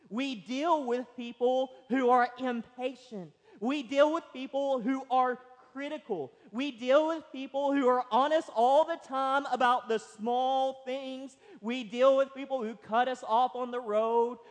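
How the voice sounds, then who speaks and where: A pastor preaching a slow, emphatic sermon in a church, his voice rising loud and dropping quiet. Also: very high-pitched. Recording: long reverb of a large hall.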